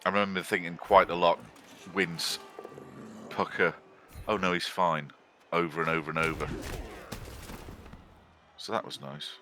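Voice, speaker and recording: Man, very low and bright, casual joking game commentary, faint hiss behind. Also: level tone, measured pace, pauses often. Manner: chatty, joking and teasing.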